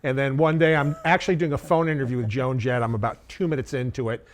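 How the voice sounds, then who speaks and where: A man, a former journalist, telling a long comic anecdote on a podcast in a casual, animated way, stumbling over restarts now and then. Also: medium pitch, quick pace. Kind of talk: casual comedy storytelling.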